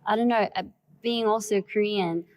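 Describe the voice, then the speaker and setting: A woman answering interview questions softly and hesitantly, with fillers and trailing phrases. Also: mid-range voice, moderate pace. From Australia. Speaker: interview guest. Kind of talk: conversational interview.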